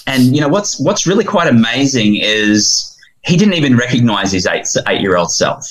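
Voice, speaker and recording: A man speaking as a guest in an interview, heartfelt and earnest, animated when he retells scenes. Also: mid-range voice, normal speed, rough recording. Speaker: guest, founder of a fathers' ministry.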